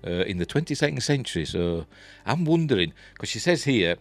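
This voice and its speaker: Deep-voiced Yorkshire man rambling chattily. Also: sing-song, brisk, no echo, faint music behind. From Yorkshire, England. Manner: rambling, chatty, many fillers and restarts. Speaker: TV episode reviewer. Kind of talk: casual spoken review.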